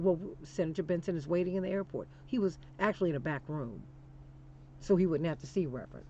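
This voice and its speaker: A woman's voice: lowish voice, expressive, brisk, mellow, muffled recording, slight background noise. A woman hosting a political talk show, speaking with emphatic, preacher-like repetition and calling listeners "honey". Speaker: radio talk show host.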